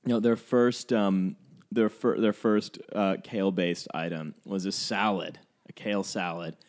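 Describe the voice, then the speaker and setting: A man with a lowish voice rambles through sardonic riffs, stacking fillers and restarts. The tone is easygoing podcast chatter. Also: steady tone, a little slow. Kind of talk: casual podcast banter.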